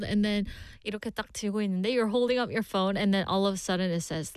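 A woman's voice: mid-range voice, rapid-fire, no echo, clean studio sound. A woman hosting a radio show, reading listener messages in a playful, giggly way and switching languages mid-sentence.

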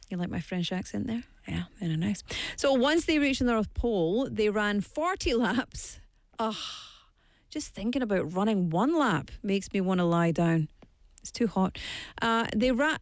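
A woman's voice: medium pitch, no echo. A woman radio host reading a news item in a chatty way, adding joking asides as she goes. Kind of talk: casual news segment. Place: radio studio.

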